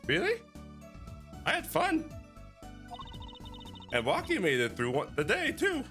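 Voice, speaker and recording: A man doing a squeaky teenage girl magician. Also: huge pitch swings, takes it slowly, pushed and bright, faint music behind, exaggerated voice. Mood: cheerful. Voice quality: very high, girlish. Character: bubbly teenage girl magician, cheeky and upbeat.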